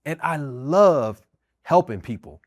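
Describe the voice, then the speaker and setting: A slightly high male voice with lively intonation speaks slowly in an echo-free studio recording. The speaker is a middle-aged American, an army veteran, minister, and podcast host, giving earnest, emphatic testimony and repeating key phrases to make them land.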